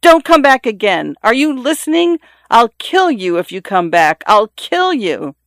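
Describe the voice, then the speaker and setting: A narrator voicing a frightened young caretaker who speaks in urgent, pleading bursts in an audiobook. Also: female voice, medium pitch, moderate pace, dry recording, studio quality, natural voice. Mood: screaming. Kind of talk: audiobook character voice.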